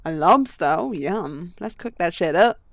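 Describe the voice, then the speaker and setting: A woman's voice: fairly low pitch, lively intonation, unhurried, no room sound. A young woman streaming a game live, chatty and laughing, swearing and talking to her chat. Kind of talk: casual live gameplay commentary. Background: faint game music.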